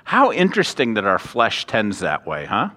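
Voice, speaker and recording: A man's voice: lowish voice, moderate pace. A man preaching a sermon as a pastor, conversational with self-deprecating asides and acting out the characters' voices. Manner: animated, acts out the characters' voices. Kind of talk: expository sermon. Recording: reverberant hall.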